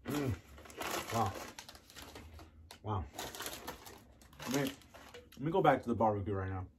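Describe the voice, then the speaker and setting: A man casually reviewing snacks on camera, chatting between bites and savoring each taste with drawn-out mm and oh yeah sounds. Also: fairly low pitch, expressive, background noise. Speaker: food reviewer.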